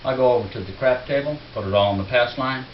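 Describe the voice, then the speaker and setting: A man's voice: mid-range voice, fast, recorded from a distance. Man telling a stand-up story. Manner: conversational storytelling building to punchlines. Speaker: stand-up comedian. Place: comedy club stage. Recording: dull roomy club recording with faint hiss.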